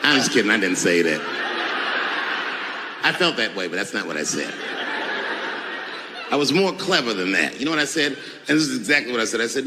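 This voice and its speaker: A male stand-up comedian telling stories on stage in a lively, animated way, jumping into loud high voices for characters. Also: a little fast, pauses often. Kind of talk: stand-up storytelling. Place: large theater stage. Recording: echoey theater with audience noise.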